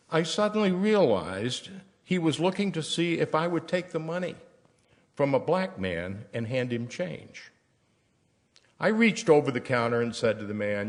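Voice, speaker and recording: An older man from Tennessee, reading a personal letter aloud at a church service in a measured, storytelling way. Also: medium pitch. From Tennessee, US South.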